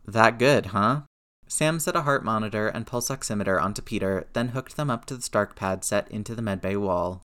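A man reading a story aloud, narrating in an even, steady way. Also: lowish voice, brisk, hardly any pauses, clear, resonant tone. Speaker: reader. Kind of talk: reading fan fiction aloud.

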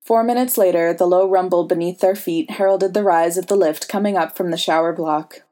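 A woman narrating a fan fiction story in a steady storytelling manner. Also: lowish voice, fairly quick. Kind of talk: fan fiction audiobook reading.

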